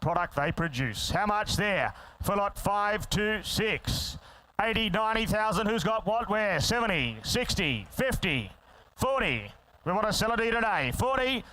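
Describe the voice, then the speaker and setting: Aussie auctioneer guy, high bright clear voice, rattles off bids super fast with cheeky asides. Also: dry recording, poor audio. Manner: rattling fast bid calls with quick asides to bidders. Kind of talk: rapid auction chant. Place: sale ring.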